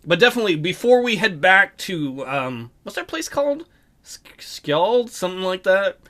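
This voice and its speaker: A man's voice: high voice, sing-song, moderate pace, fairly bright tone. A man hosting a casual let's play, commenting on a game in a jokey, upbeat way.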